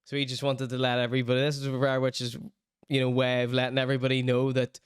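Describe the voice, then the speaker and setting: A man's voice: medium pitch, completely flat delivery, quick pace, clear, resonant tone, dry recording, clean studio sound. A man hosting a podcast, commenting on viral clips in a casual, chatty and sarcastic way, laughing often. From Northern Ireland. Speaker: podcast host reviewing clips.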